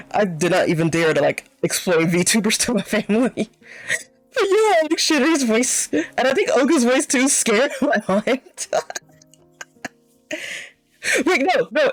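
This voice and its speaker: A young adult streamer talks straight into a close, dry mic, rambling with lots of fillers and quick giggles. The voice sits in the middle of the pitch range, and the recording has almost no room sound. The chat stays casual and loose throughout. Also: dry recording, low-quality recording. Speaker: VTuber streamer.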